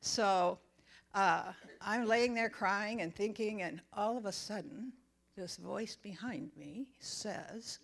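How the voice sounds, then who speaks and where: A woman's voice: mid-range voice, takes it slowly, vocal fry. Older woman telling a faith story. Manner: chatty, animated storyteller. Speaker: church member giving testimony. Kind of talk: personal faith testimony.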